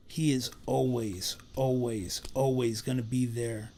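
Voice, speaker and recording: A man's voice: medium pitch, fairly even intonation, a little slow, hardly any pauses, dark tone, a little hiss or hum. Casting note: male psychic medium on a live stream, earnest and repetitive, mid-range voice that lifts when relaying messages. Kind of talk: live-stream spirit reading.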